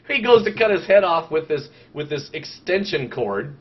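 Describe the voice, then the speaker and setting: A man co-hosting a casual gaming podcast, rambling and animated, swearing often and stalling with fillers. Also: fairly high pitch, normal speed, slightly rough. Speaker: podcast host. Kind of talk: casual chat. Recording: dull lo-fi sound with faint noise.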